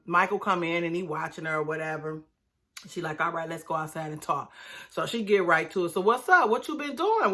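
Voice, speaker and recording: A woman's voice: medium pitch, pushed and bright. A woman casually recapping a reality TV episode, chatty and exclamatory, acting out what the people said. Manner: chatty, exclamatory, acts out quotes in dropped voices.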